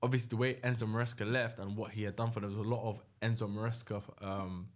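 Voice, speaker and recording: Laid-back young man, low voice. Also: little pitch movement, fast. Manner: laid-back, hedging, many repeated 'nah' and 'I think'. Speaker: football podcast co-host. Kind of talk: casual chat.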